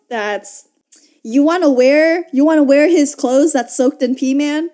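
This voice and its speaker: A woman's voice: high voice, animated, unhurried, a little mellow, soft background music. A young woman hosting a casual movie reaction, who laughs often, swears and talks to the characters on screen. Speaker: reaction video host.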